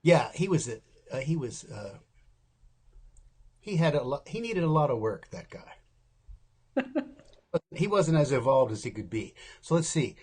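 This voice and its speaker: A man's voice: medium pitch, very animated, unhurried, long pauses, darkish tone, husky. A man in his seventies, an interview guest, telling candid stories in a wry, casual way and acting out the people he quotes.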